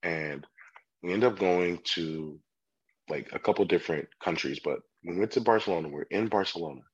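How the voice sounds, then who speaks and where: A man with a somewhat low, husky voice chats easily as a sommelier guest. He tells lively stories and pops into customers' voices along the way. The sound is a little dull and lo-fi. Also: normal speed. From California. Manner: animated storyteller, acts out customers' voices. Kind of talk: casual chat.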